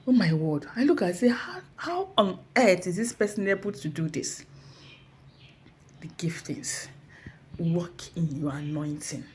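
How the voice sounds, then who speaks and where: Nigerian woman giving a motivational talk. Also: on the low side. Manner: animated storytelling, acts out her colleagues loudly. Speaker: inspirational speaker. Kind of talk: motivational talk with personal story.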